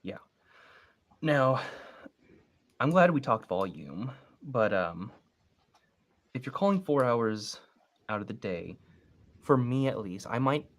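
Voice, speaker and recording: A man's voice: medium pitch, takes it slowly, long pauses. A young man on a casual coaching call, walking through his steps one at a time and acting out sample phone calls. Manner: relaxed, explains step by step and acts out sample phone calls. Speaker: real estate investing coach. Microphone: video call.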